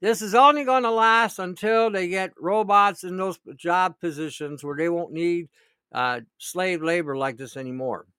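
A man's voice: sits high, moderate pace, sharp tone, smooth, no room sound, studio quality. A middle-aged man, ranting about politics in a sarcastic, indignant way, often laughing and repeating himself. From Canada. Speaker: vlogger. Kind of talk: political rant.

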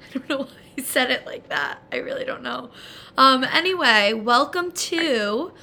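A woman's voice: high voice, lively intonation, moderate pace, creaky, sharp tone. A young woman co-hosting a casual podcast. She rambles, giggles and uses lots of fillers. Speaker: podcast co-host.

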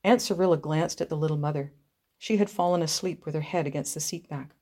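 A woman narrating a story aloud in a measured, expressive reading. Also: low voice.

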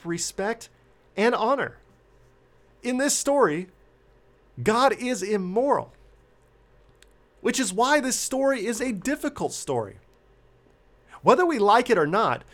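A man with a high voice delivers a sermon, telling a story with dramatic pauses and emphatic turns. His delivery is that of a preacher building toward a point.

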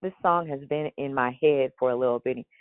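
A woman's voice: a bass voice, a little fast, smooth, no echo, phone-quality sound. A woman hosting a daily prayer call in a casual, rambling way, with a morning voice. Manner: chatty and rambling, with many restarts and fillers. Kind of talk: casual devotional talk.

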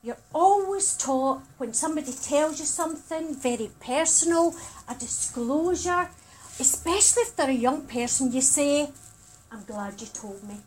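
A woman doing stand-up, telling a story deadpan, with sudden bursts of high exasperation. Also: moderate pace. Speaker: stand-up comedian.

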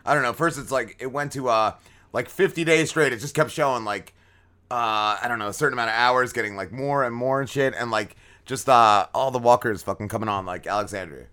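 A man's voice: medium pitch, fairly quick, pushed and bright. A man co-hosting a podcast, rambling in crude, profane banter with mumbled asides. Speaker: podcast co-host.

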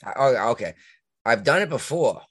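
A man with a Massachusetts accent chatting as a podcast co-host. His voice swings widely in pitch, and he jumps high whenever he gets worked up. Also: big pitch swings, moderate pace, no room sound, clean studio sound. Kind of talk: casual chat.

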